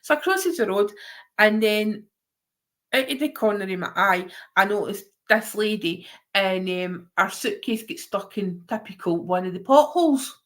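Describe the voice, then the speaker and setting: A woman's voice: mid-range voice, animated, moderate pace, a bit bright. A Scottish woman telling a funny story in casual chat, swearing, laughing often and acting out the other voices. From Scotland.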